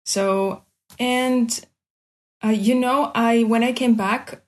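A woman from Kabardino-Balkaria, a guest on a video call, who tells her story in an emotional, expressive way. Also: on the high side, slow. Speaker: guest, former scholarship student. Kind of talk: casual interview over video chat.

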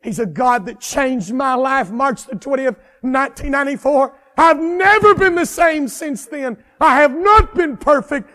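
A man preaching a sermon with fervent, repetitive cadences that swell into shouts. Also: extremely high pitch, measured pace, hardly any pauses, in a large hall.

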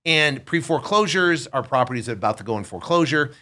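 Bright-voiced animated male storyteller. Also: medium pitch, quick pace, a little hiss or hum. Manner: animated storyteller, acts out quotes. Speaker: real estate investor guest. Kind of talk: casual storytelling interview.

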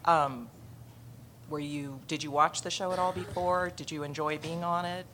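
A woman in the audience asking a hesitant, halting question. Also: deep voice, fairly even intonation, fairly bright tone, slight background noise.

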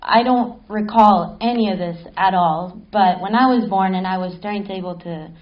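An animated panel guest from Mexico City, a woman with a mid-range voice speaking at normal speed, shares a spooky story live at a film festival panel. She laughs and swears casually, and the recording sounds muffled.

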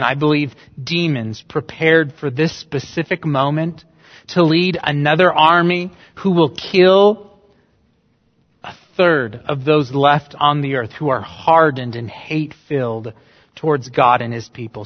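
A male pastor preaching a sermon, emphatic and full of rhetorical questions. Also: on the high side. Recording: dull sound with long reverb in a church hall.

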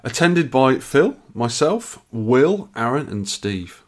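A man's voice: medium pitch, sing-song, slow pace. A man co-hosting a podcast, telling a long rambling story in casual chat, a bit tired from lack of sleep. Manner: chatty, rambling storyteller with restarts. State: tired and yawning. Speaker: podcast co-host.

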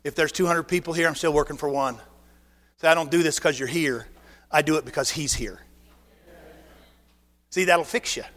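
A high-pitched man preaching to his congregation, animated and full of rhetorical questions. He acts out both sides of little conversations as he goes. His voice rings out with the long reverb of a church hall. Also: normal speed, long pauses. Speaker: pastor. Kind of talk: sermon. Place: church sanctuary.

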